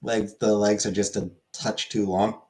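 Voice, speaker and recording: A man's voice: lowish voice, level tone, unhurried, darkish tone. A Canadian man with a Canadian accent, hosting a casual streamed chat in a rambling, joking way with frequent fillers. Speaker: streamer host.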